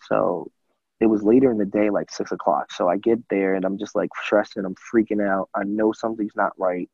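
A man's voice: fairly low pitch, brisk, vocal fry, breathy edge, no room sound, lo-fi sound. A young man in his twenties, a former college football player, casually telling a story in an interview with lots of fillers and acted-out quotes. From USA. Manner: animated storyteller, many fillers, acts out quotes.

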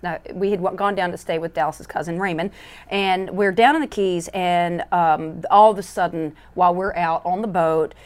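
Lady podcast host, lively, acts out the story, lots of restarts. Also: fairly low pitch. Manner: animated, acts out scenes, quick restarts. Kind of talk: casual faith chat. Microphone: studio microphone.

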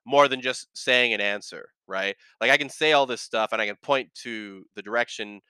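Man, slight lisp, casual podcast host, earnest rambling talk, smooth resonant voice, dry sound. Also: medium pitch, normal speed, sharp tone, no echo. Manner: earnest, rambling, self-correcting.

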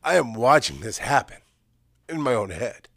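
A man telling an emotional personal story, swinging from loud, urgent emphasis to hushed, halting recall. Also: mid-range voice, sing-song, gravelly, no room sound, studio quality. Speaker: speaker sharing personal story.

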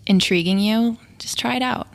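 A woman's voice: medium pitch, moderate pace, big-room sound. A young woman hosting a casual chat, upbeat and enthusiastic. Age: young adult.

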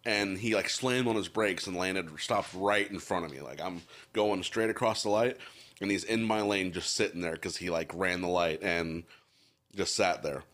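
A man's voice: deep voice, moderate pace, fairly bright tone. A young man chatting casually and easily as a podcast co-host, full of "like" and chuckles. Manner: easygoing, lots of "like" fillers, chuckling. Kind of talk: casual chat.

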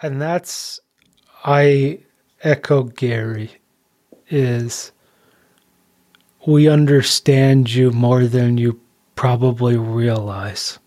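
Mellow-voiced male podcast host. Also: mid-range voice, steady tone, extremely slow, pauses often. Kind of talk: reflective interview talk.

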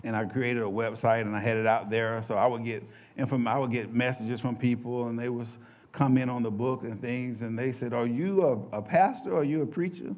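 A man, a pastor telling his testimony in an animated, colloquial way, acting out the quotes. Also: medium pitch, a little fast. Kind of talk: personal testimony storytelling. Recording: dull lo-fi recording.

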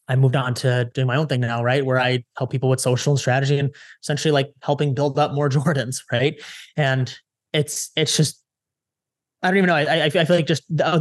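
A young man from the Chicago area, a social media strategist, telling a story casually in an interview with lots of quick retellings and restarts. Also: medium pitch, dry recording, clean studio sound. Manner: animated, lots of "I'm like" retellings, fast restarts.

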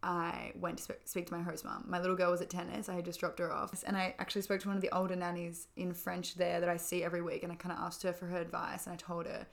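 A woman's voice: lowish voice, monotone, fast talker, gravelly, hardly any pauses. A young woman chatting as a podcast co-host, telling a story with lots of fillers. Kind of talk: casual chat.

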